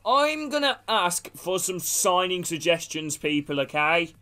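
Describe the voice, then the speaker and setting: A man's voice: high-pitched, big pitch swings, a little slow, pushed and bright, faint music behind. Chatty man streaming a game. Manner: chatty, answering viewers by name. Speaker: gaming streamer. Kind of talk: casual live-stream commentary.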